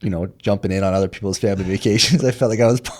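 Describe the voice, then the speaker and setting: A man in his thirties with a low voice, co-hosting a relaxed podcast chat. He teases his partner and laughs easily. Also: rapid-fire. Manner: laughs often, playful, teasing. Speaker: podcast co-host. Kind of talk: casual chat.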